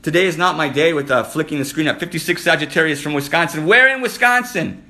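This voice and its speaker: A man's voice: on the high side, fairly even intonation, pushed and bright. Flirty man hosting a live stream. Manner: flirty, teasing, rapid-fire comments to viewers. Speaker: livestream host. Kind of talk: casual live-stream chat with viewers. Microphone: phone. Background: guitar music.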